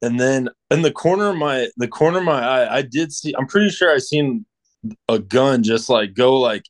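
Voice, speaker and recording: A man's voice: mid-range voice, animated, normal speed. A man telling a story with his hunting buddies in casual chat, rambling with lots of restarts. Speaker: hunting buddy.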